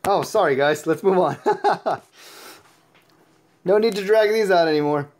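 Tired and sleepy but still excitable, this mobile gamer and YouTube host chats through his gameplay in a high voice, laughing often. His casual commentary has an unhurried pace.

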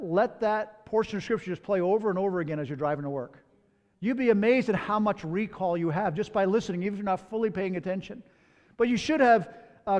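A man's voice: high voice, darkish tone. A man pastor preaching a sermon in a conversational way, with personal asides, in a church sanctuary. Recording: long hall reverb.

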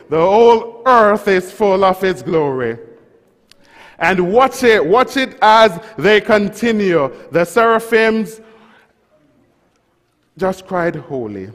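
A man preaching a sermon, leading the church in call-and-response and rising to shouts. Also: a little high, in a large hall. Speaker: pastor. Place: church sanctuary.

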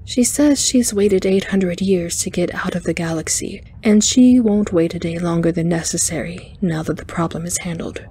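A woman reading the lines of a starfleet commodore, in a dry and quietly amused tone, with a lowish voice. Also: normal speed, few pauses, breathy edge.

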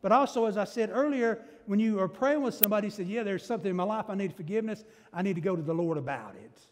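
Male pastor, high-pitched, emphatic sermon delivery, long church reverb. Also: animated, fast talker. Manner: emphatic preaching with rising bursts and rhetorical questions. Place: church sanctuary.

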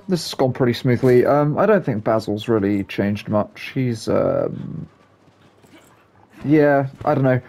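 A man's voice: medium pitch, animated, unhurried, creaky, darkish tone. A young man giving casual, rambling gameplay commentary as a channel host, hesitant and full of ums.

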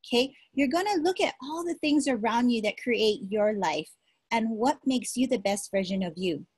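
A woman giving an energetic, encouraging motivational talk as a sales team leader, repeating her points, recorded at her desk. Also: fairly high pitch, moderate pace, husky, no room sound. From Hawaii.

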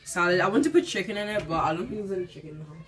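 A woman's voice: fairly low pitch, lively intonation, very fast. A young woman chatting playfully to her vlog audience, teasing and self-deprecating. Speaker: daughter, vlogger. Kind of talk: casual vlog chat. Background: loud music.

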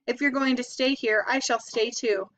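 An earnest young pig who pleads and cries out in a high voice, as a woman reading the storybook puts him on. The recording is a bit dull and lo-fi. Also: steady tone, normal speed, a bit bright, close to an everyday voice. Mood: pleading. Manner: pleading, emotional outbursts.

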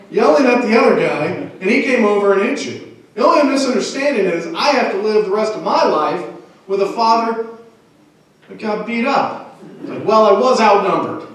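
A young man doing self-deprecating stand-up with a lively, slightly high voice that swings up and down. He is heard from afar in a strongly echoing club. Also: moderate pace, distant mic. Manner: self-deprecating, animated delivery. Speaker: stand-up comedian. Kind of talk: stand-up comedy set. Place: comedy club stage. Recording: echoey room, mic heard from afar.

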